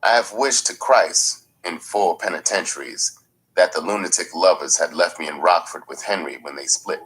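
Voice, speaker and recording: A man reading a first-person memoir aloud in a slow, measured, gritty storytelling manner. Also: sits low, a bit bright, slightly rough, low-quality recording. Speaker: audiobook narrator. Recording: faint music underneath.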